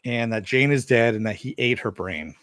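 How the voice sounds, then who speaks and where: A man's voice: mid-range voice, normal speed, a bit bright, dry recording, studio quality. A man giving a casual spoken recap and review of a TV episode, in a loose, conversational way, with frequent filler phrases and offhand swearing.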